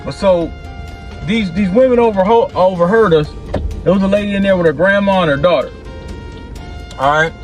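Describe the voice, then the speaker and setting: Male vlogger, higher-pitched, loose rambling storyteller who circles back on his phrases. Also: moderate pace, long pauses, faint music behind. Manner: rambling, repeats and restarts phrases, slangy. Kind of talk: casual storytime.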